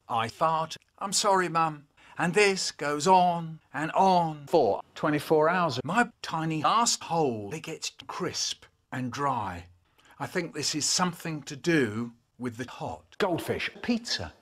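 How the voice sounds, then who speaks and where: A man telling children's stories, spliced into a comedy remix, with animated delivery, sudden shouts and silly voices. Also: fairly high pitch, takes it slowly. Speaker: children's poet reading stories.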